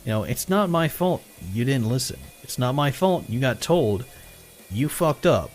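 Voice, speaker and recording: Unhurried and mid-range in pitch, a male streamer tells a casual story during a gaming session. The retelling is animated, full of quoted dialogue, with plenty of swearing and chuckling.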